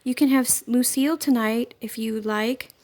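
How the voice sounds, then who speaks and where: A woman's voice: a little high, fairly even intonation, normal speed, a little mellow, a little hiss or hum, voice pushed up, close to an everyday voice. A woman reading aloud, voicing a sweet girl pleading with her little sister. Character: kind older sister girl.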